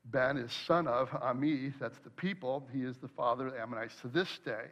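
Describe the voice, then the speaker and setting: Guy preaching, really lively, acts out his own worries, kinda muffled sound. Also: mid-range voice, brisk. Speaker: pastor. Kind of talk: sermon with personal story.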